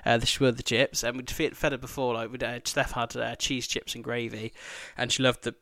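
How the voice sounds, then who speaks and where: Male podcast host, fast, profane, rambling storyteller, dry close sound. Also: mid-range voice, level tone, pushed and bright, dry recording. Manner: sweary, rambling, laughing asides. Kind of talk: casual travel storytelling.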